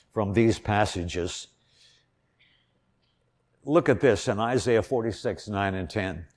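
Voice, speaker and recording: An older man from Indiana preaching an earnest sermon, telling a personal story and swelling louder on key points. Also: lowish voice.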